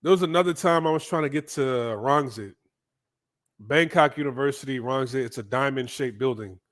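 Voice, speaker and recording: A man from the United States casually telling a story in an animated, profane way, often checking in with the listener. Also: mid-range voice, moderate pace. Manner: animated, profane, frequent "right?" asides. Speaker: vlogger.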